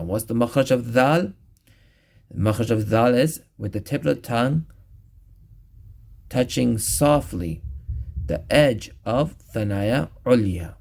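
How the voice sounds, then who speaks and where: Slow, gravelly man teaching recitation. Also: mid-range voice, a little mellow. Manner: patient, repeats each sound slowly. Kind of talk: recorded tajweed lesson.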